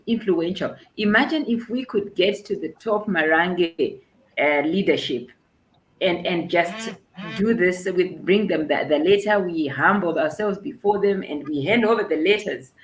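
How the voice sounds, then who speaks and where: A woman's voice: fairly low pitch, a little hiss or hum. Woman hosting an online talk show in an echoey room. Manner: affirming, leads the talk with short agreements. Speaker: host.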